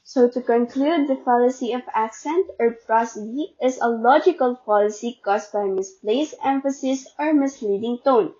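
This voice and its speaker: A young woman presenting a class report, explaining step by step and stressing example words deliberately. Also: fairly high pitch, warm tone. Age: young adult. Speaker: student presenter. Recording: dull lo-fi sound.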